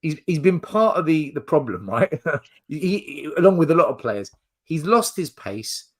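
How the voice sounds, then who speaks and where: A man's voice: on the high side, big pitch swings, normal speed. A man hosting a casual football fan chat, reading out viewer questions in a chatty way. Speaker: podcast host.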